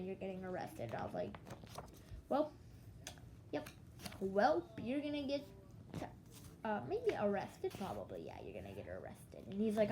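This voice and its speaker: A woman's voice: medium pitch, noisy background. Sleepy young woman rambling casually. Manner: rambling, restarts, quotes others in dialogue. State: yawning, sleepy. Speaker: vlogger.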